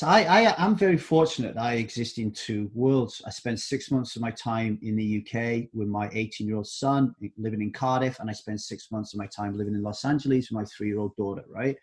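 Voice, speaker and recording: A man's voice: on the low side, fairly quick, few pauses. A middle-aged man speaking as a guest in an interview, talking emphatically and often checking in with "right?". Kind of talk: interview conversation.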